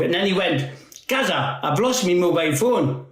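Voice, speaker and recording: A man's voice: high-pitched, animated, normal speed, reverberant, rough recording. Geordie man telling laughing anecdotes. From North East England. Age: 50s. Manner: laughing, rambling anecdotes with acted quotes. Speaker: guest footballer. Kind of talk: storytelling anecdotes.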